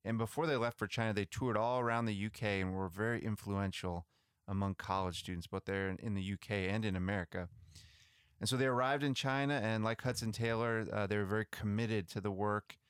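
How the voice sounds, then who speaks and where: A man co-hosting a podcast, chatting and retelling missionary history in a relaxed, conversational way with some restarts. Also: lowish voice, fairly quick, clear, resonant tone, dry recording, studio quality. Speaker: podcast co-host. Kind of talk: casual storytelling about missionary history.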